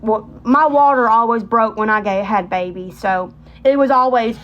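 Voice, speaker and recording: A woman in her thirties with a high, bright-pitched voice chats on a livestream. She rambles and piles on colloquial asides as she tells her stories. The audio is a little dull and lo-fi. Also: moderate pace. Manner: chatty, animated, rambling with Southern colloquialisms. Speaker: livestream host. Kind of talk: casual livestream storytelling.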